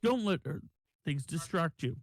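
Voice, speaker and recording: A man voicing a monotone male drow servant in a tabletop game, flat and stern. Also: fairly high pitch, unhurried, dry recording, pitched above the performer's own voice.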